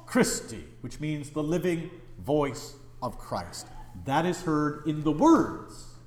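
A male pastor preaching a sermon, pleading and impassioned, swinging between raised urgency and hushed, tender lines. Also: fairly high pitch, big pitch swings, slow.

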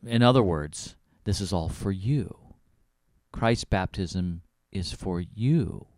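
A man with a fairly low voice co-hosts a Bible talk, speaking in a measured way. He often quotes scripture passages. The sound is close and dry. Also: expressive, a little mellow, dry recording. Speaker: co-host. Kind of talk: conversational Bible teaching.

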